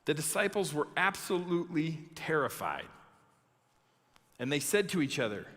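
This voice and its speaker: A young man preaching a youth sermon, reading a Bible story and acting it out with animated voices. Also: fairly high pitch, normal speed, big-room sound. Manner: animated, acts out the story with shouted quotes. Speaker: youth pastor.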